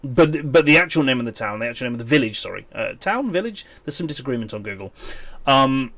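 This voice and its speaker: A man's voice: mid-range voice, animated, fast, fairly bright tone, dry recording. Chatty Welsh man streaming a game. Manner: chatty, rambling, thinks aloud with many ums. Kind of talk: casual live-stream chat while gaming.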